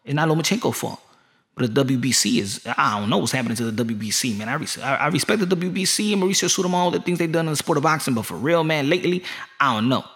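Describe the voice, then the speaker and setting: A man's voice: fairly high pitch, lively intonation, fast, fairly bright tone. Rambling, joking male boxing vlogger. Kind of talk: casual rant.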